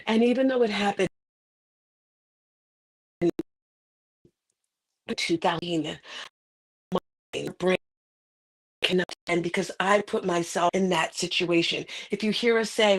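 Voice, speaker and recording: Middle-aged woman, motivational author, dramatic personal storyteller with sudden swells. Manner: dramatic, with sudden rises in pitch and volume. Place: indoors on a carpeted floor.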